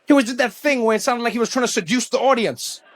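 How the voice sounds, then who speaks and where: Male stand-up comic with a very high voice, punchy delivery, hammering refrains. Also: fast. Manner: punchy, repeated refrains, animated. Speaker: stand-up comedian. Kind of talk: stand-up comedy.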